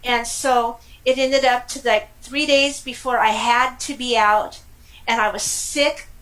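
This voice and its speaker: A middle-aged woman from California telling her personal story in a casual, animated way, laughing often and exclaiming. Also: a little high, unhurried, poor audio. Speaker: guest.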